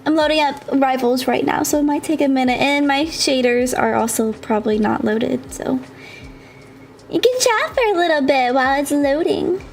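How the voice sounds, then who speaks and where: A woman's voice: high-pitched, normal speed, gravelly, a little hiss or hum. A woman game streamer chatting casually with her viewers, bubbly and chatty, laughing often.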